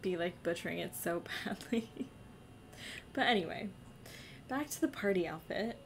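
A woman's voice: on the low side, normal speed, a little hiss or hum. A young woman from New Jersey with a slight New Jersey accent, chatting casually with her stream chat, giggly and self-deprecating.

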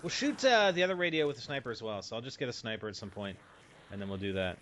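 A man's voice: medium pitch, expressive, fast talker, a bit bright. A man hosting a casual co-op zombie game session, chatty and jokey, thinking aloud as he plays. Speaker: gameplay host. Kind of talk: casual gaming chat.

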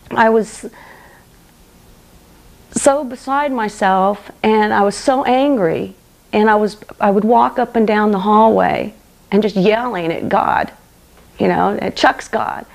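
Gravelly woman giving a testimony. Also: mid-range voice, darkish tone. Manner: earnest, halting, repeats phrases. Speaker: guest giving a personal testimony. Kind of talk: spoken personal testimony.

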